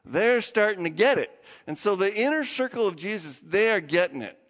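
A man's voice: expressive, normal speed, a bit bright. A man preaching a sermon in a conversational way, acting out the quotes he tells. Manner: conversational, acts out quotes with big pitch jumps. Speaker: pastor. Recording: reverberant hall.

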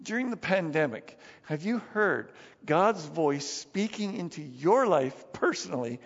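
A man with a high voice preaching a sermon in a church hall with long reverb. He is lively and talks casually, acting out the scenes he tells. The sound is dull. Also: a little slow. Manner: animated, acts out Bible scenes. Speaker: pastor.

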